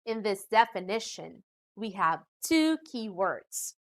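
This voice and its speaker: A woman from the Philippines with a Filipino accent, teaching a scripted English pronunciation lesson to students. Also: mid-range voice. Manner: slow, lively teacherly delivery addressing students.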